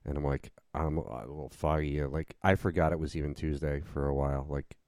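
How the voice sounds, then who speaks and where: A man's voice: extremely low pitch, fairly even intonation, a little fast, a little mellow, no echo, studio quality. A man co-hosting a podcast in casual chat, laid-back and rambling with many fillers. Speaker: podcast co-host.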